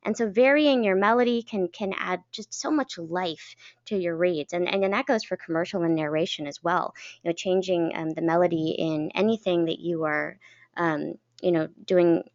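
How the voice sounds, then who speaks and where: Lady voice coach rambling through a lesson, clear voice, muffled recording. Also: fairly low pitch, moderate pace. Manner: chatty, laughs often, many fillers. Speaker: voice acting coach. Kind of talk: teaching a class. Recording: dull lo-fi recording.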